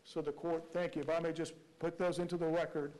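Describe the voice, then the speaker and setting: A man's voice: fairly high pitch, little pitch movement, fast, a little mellow, rough recording. A man arguing as a prosecutor at a courtroom hearing, pressing his points with emphatic rhetorical questions. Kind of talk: courtroom argument.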